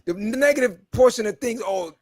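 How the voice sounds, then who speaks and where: Casting: high, gravelly male co-host, animated storyteller, dry close sound. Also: moderate pace, dry recording. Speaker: podcast co-host. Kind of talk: casual barbershop chat.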